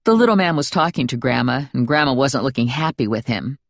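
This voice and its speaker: Low-voiced, wry woman narrator. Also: animated, a little fast, creaky, dry recording, clean studio sound. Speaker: audiobook narrator. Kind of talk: first-person audiobook narration.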